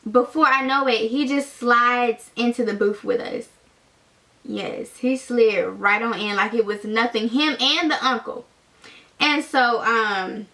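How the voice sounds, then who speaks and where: A young woman tells a storytime vlog in a chatty, animated way, leaning on fillers. Her voice sits a little high and sounds very bright. She has the easy, rambling pace of someone talking straight to her viewers. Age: young adult. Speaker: vlogger.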